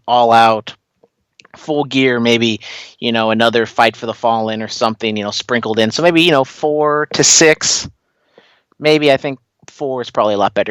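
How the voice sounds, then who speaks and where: A man's voice: mid-range voice, a bit bright, dry recording. A man co-hosting a casual wrestling podcast, rambling and hedging with filler words. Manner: rambling, many "you know" fillers and restarts. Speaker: podcast co-host.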